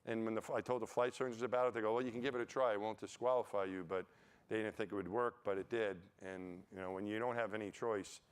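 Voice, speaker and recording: A man on a conference panel telling casual, animated stories and acting out what others said to him. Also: on the low side, fast talker, smooth. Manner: animated anecdotes, acts out quoted voices. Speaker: panel speaker, former astronaut. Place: conference stage.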